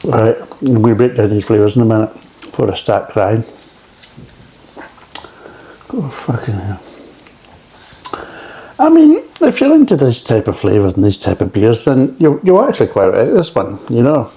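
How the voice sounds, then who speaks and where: A man's voice: mid-range voice, wildly swooping pitch, a little fast, mellow, slight background noise. A man reviewing beer in a casual, rambling way, swearing freely and drifting off into tangents. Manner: rambling, profane, digressive.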